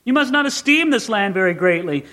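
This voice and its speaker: A middle-aged man preaching a Bible sermon as pastor, swinging between quiet asides and excited peaks. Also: high-pitched, brisk.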